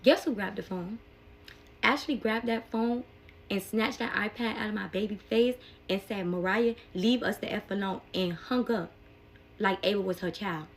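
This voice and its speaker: A young adult woman telling a personal story in a casual storytime vlog, animated and emotional, with plenty of slang. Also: medium pitch, moderate pace, gravelly.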